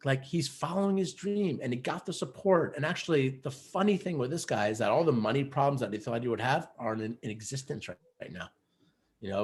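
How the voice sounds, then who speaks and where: A man coaching other men, telling stories in a casual interview, earnest and animated, with many fillers like "you know" and "like". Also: mid-range voice. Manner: earnest, animated storyteller who acts out quotes. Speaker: guest, men's coach.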